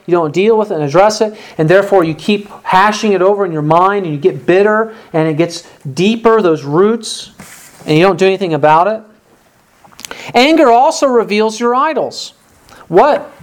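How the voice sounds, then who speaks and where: A woman teaching a Bible sermon, earnest, acting out quoted lines as she goes. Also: medium pitch.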